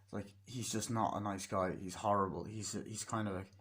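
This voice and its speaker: A man's voice: lowish voice, steady tone, fairly quick, a bit bright. A young man giving a casual movie review, rambling with plenty of swearing and acting out scenes as he retells them.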